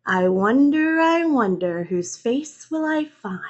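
A woman voicing an eerie girl who sing-songs and sobs in the dark, higher than her own voice. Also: lively intonation, slow, dull audio. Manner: sing-song, then sobbing.

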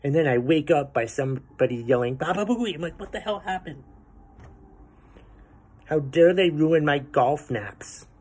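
A man's voice: on the high side, darkish tone, husky. A man hosting a podcast, ranting about everyday annoyances with profanity and sarcastic asides. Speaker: podcast host. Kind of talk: ranting commentary.

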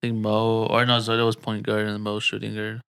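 Fast, bright, gravelly young man. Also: on the low side, completely flat delivery, no echo, clean studio sound. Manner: quick short interjections, slangy. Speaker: friend in a casual group chat. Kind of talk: casual chat.

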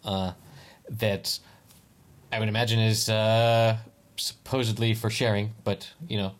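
A man co-hosting a podcast, telling a long rambling story in casual chat with halting restarts. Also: on the low side, little pitch movement. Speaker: podcast co-host. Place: lives in Spain.

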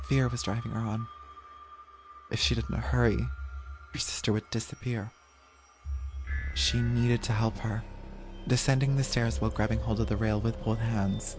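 A man narrating a horror audio drama in a measured, even storytelling voice. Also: medium pitch. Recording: music playing under the voice.

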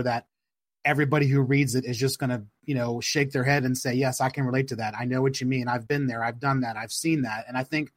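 A man hosting a podcast interview, speaking in a supportive, reassuring, measured way. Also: medium pitch, dry recording, studio quality. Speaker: podcast host.

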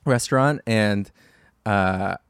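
A man's voice: on the low side, slow pace, clean tone, no echo, studio quality. A man guest on a podcast, telling a self-deprecating story with chuckles and quoted asides. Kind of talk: casual storytelling chat.

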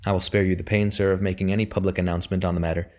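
A proud, defiant young gentleman speaks in a deep, low voice, as a man reading a storybook puts him on. He talks earnestly, with a stilted formality that barely masks his anger. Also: level tone, very fast, natural voice. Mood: cold formal. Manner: earnest pleading, then cold stilted formality.

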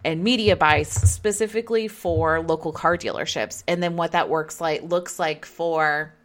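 Low-voiced woman telling a story. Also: measured pace. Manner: chatty, animated retelling with acted-out quotes. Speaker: storyteller recounting her career. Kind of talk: casual personal storytelling. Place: Las Vegas area.

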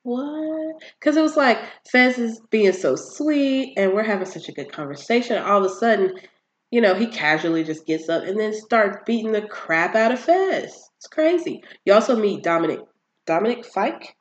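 A person casually recapping a TV series on their own channel, animated and exasperated, with emphatic asides and quick impressions of the characters. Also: mid-range voice. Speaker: TV show recapper.

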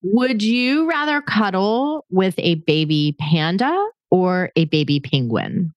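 A woman's voice: lowish voice, slow, dry recording, muffled recording. A woman in her forties hosting a podcast, chatting playfully with her sister and laughing often. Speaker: podcast host. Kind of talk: casual chat between sisters.

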